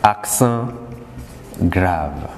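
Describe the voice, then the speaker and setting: A man's voice: sits low, lively intonation, extremely slow, soft background music. A man teaching French verb conjugation in English, explaining patiently and repeating each word again and again. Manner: repetitive, drills words again and again. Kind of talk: slow classroom explanation. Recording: long reverb with faint background noise.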